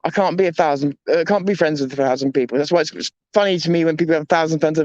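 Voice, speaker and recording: A man's voice: a little high, rapid-fire, darkish tone, no echo. A man talking candidly in a rambling, reflective personal monologue, self-deprecating and often restarting his sentences. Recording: dull lo-fi dry sound.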